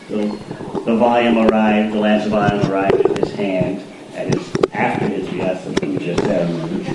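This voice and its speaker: A man at a devotional gathering, telling a story to the assembly in an informal, halting way. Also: fairly low pitch. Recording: distant voice in a very echoey hall with noise.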